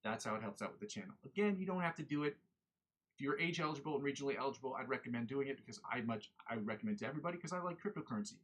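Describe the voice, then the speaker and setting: A man's voice: medium pitch, animated, racing, a bit bright, breathy edge. A young man hosting a guitar livestream, chatting in a rambling, self-correcting way. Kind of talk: casual livestream chat.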